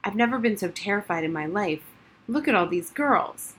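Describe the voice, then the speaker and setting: A woman's voice: medium pitch, expressive, moderate pace, fairly bright tone, breathy edge. Woman narrator as a nervous, grumbling young boy, storybook read.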